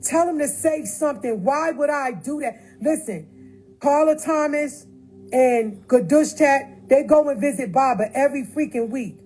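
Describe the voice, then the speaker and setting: A woman's voice: high voice, normal speed, hardly any pauses, mellow, soft background music, poor audio. A woman talking straight to viewers on a phone livestream, emphatic and repeating her points. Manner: emphatic, repeats phrases, addresses viewers directly. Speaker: livestream host. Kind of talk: casual livestream talk.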